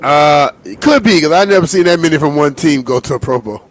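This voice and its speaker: A man's voice: fairly high pitch, expressive, brisk. A man co-hosting a sports radio show, bantering bluntly and teasing his partner. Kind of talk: casual sports radio talk. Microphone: studio microphone.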